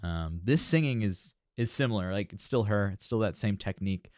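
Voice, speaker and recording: A man's voice: fairly low pitch, lively intonation, normal speed, a little mellow, dry recording, clean studio sound. A man working as a vocal coach, reacting to a song and explaining singing technique in an analytical, thinking-aloud way. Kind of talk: music reaction commentary.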